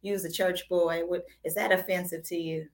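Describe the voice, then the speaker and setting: A woman's voice: fairly low pitch, fairly even intonation, normal speed. A woman hosting a chat show, bubbly and playful, laughing often and breaking into song. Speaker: podcast host.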